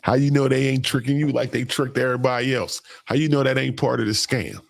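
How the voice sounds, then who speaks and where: A man's voice: mid-range voice, fast, creaky, dry recording. A man hosting a casual live stream, swearing freely, laughing often and reading viewer comments aloud. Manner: profane, laughs a lot, reads comments aloud. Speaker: livestream host.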